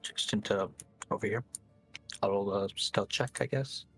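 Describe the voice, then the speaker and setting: A man's voice: fairly low pitch, unhurried, a bit bright, slightly rough, soft background music. A man playing a tabletop game, talking casually about his moves and often restarting his sentences. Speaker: player.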